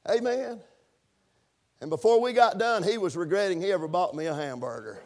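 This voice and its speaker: A man preaching a sermon, punctuating his points with amens and building to shouted emphasis. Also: high-pitched, lively intonation, fairly quick. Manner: preaching with call-and-response amens, rising to shouts. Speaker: pastor.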